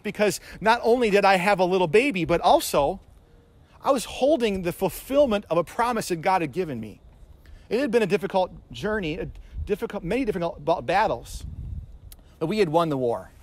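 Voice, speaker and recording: A pastor giving a sermon, telling personal stories and pressing his listeners with questions, often repeating words as he restarts a phrase. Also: high-pitched. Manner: earnest, personal preaching that builds to emphatic questions.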